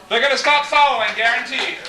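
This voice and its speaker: A man doing a comic stage act with showman patter and deadpan setups. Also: extremely high pitch, very noisy. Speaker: novelty bubble performer. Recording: echoey room mic from far off.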